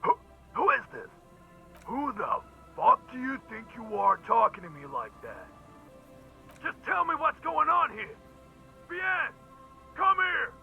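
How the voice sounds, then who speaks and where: An actor voicing a furious man shouting aggressively down a phone line. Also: very high-pitched, steady tone, a little fast, vocal fry, hardly any pauses, faint music behind, exaggerated voice. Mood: angry.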